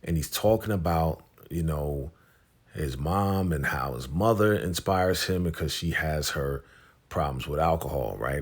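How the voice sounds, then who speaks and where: A man hosting a casual TV episode recap, retelling scenes in slangy, chatty talk and paraphrasing what the characters say. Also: a bass voice. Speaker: TV recap host.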